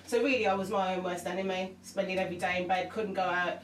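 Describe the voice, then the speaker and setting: A woman's voice: on the low side, fairly even intonation, fast, distant mic. A woman, a singer, speaking candidly and emotionally as an interview guest, rambling with restarts. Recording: roomy sound from off-mic with faint music.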